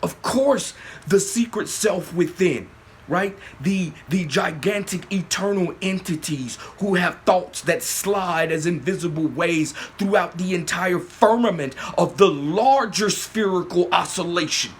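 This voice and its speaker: A man hosting his own channel, giving a spiritual monologue, often asking "yes?", swinging between loud emphatic bursts and low murmurs. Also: a little hiss or hum. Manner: slow, repeating "yes?" often. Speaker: channel host.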